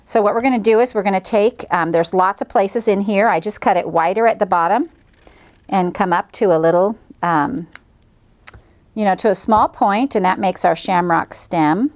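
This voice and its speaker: With a medium-pitched voice at normal speed, a middle-aged woman walks viewers through a quilting project. Her chatter is cheerful and folksy as she shows each step.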